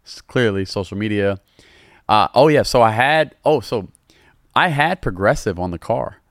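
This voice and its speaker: A man with a Southern drawl talks in a deep, low register, loose and unhurried. He chats casually as a podcast guest, throwing in "bro" often. The sound is dry and close. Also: animated, a bit bright, no room sound. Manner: laid-back, loose, calls people bro. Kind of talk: casual chat.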